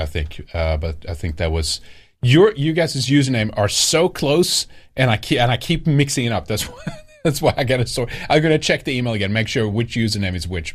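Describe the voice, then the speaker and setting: A man hosting a livestream, casually commenting on news and reading viewer chat, rambling with many hesitations and restarts. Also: fairly low pitch. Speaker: livestream host.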